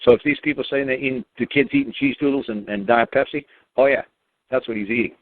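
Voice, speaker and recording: A man's voice: medium pitch, steady tone, fast, no echo. A man telling a personal story as a caller on a talk show, rambling and profane, with lots of fillers and restarts. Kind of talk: casual spoken storytelling. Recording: tinny phone line.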